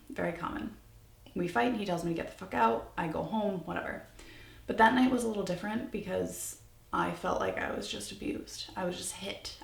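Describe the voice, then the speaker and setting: A young woman in her twenties tells a personal story to camera, candid and rambling as she restarts her sentences. Her voice has a gravelly fry. The recording sounds roomy and echoey. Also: mid-range voice. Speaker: vlogger. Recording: echoey room.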